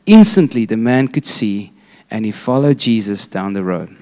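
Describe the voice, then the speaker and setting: A man preaching a sermon to a church congregation, retelling a story with animated energy and frequent restarts. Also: lowish voice, moderate pace.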